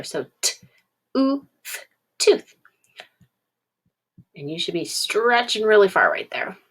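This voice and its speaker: A woman teacher giving a recorded video lesson for young children, casual and encouraging, sounding out words slowly with ums. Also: fairly low pitch, husky.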